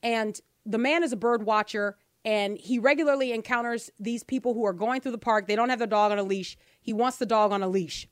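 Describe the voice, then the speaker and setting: A woman with a high voice hosts a talk show, offering pointed opinion commentary and pushing her points with many rhetorical "right?" tag questions. She speaks emphatically, fairly quickly and with hardly any pauses, sounding dry and close to the mic with no room sound.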